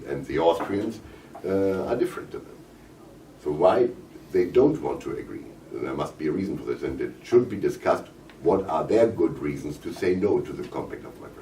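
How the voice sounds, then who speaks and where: A man with a German accent, hoarse and coughing, speaking haltingly at a press conference with many fillers and restarts. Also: a bass voice, expressive, warm tone, a little hiss or hum. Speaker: visiting parliamentarian at a press conference. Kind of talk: press conference remarks in English. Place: conference room. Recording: roomy, distant mic, faint ambience.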